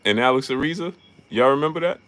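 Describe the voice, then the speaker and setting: A man's voice: medium pitch, fast talker, fairly bright tone. A man hosting a casual boxing livestream, greeting chat viewers and laughing often. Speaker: boxing talk show host.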